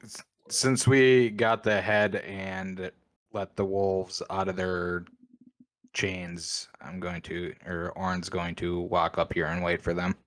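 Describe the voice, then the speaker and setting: A man with a very deep voice at a game table, speaking plainly with a few halts. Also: level tone, takes it slowly. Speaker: player.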